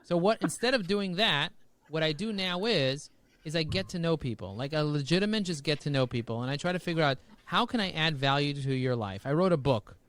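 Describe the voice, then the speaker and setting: A man talking as a podcast guest over a video call, high-energy and jokey, full of rhyming catchphrases. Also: expressive, a little fast, fairly bright tone, a little hiss or hum. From United States.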